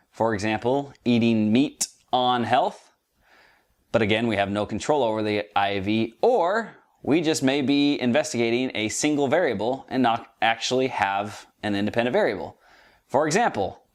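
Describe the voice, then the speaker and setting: A man giving a playful statistics video lecture, joking and talking straight to his viewers. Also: medium pitch. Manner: jokey, chatty, addresses viewers directly. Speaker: statistics educator. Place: goes outdoors to a duck pen.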